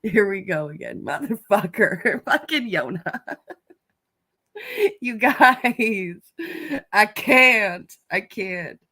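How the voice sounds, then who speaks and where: A woman's voice: mid-range voice, expressive, very slow, long pauses, pushed and bright. A woman chatting casually on a live stream, laughing often and swearing freely.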